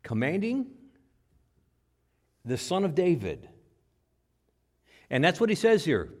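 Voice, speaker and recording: A man preaching a sermon in church, animated, repeating words and acting out the quotes. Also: a little high, takes it slowly, long pauses. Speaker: pastor. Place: church with microphone.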